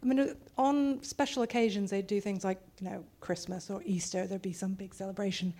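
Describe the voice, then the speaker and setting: A woman's voice: mid-range voice, steady tone, a little fast, dark tone. Plain-spoken woman from the audience. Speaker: audience member. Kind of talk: telling a story on stage.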